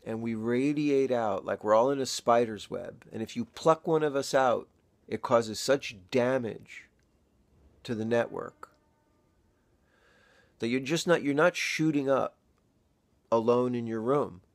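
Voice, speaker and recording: Slow, gravelly-voiced grieving father. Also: medium pitch, dry recording. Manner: halting, reflective, pausing often. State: emotional, near tears. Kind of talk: personal video diary.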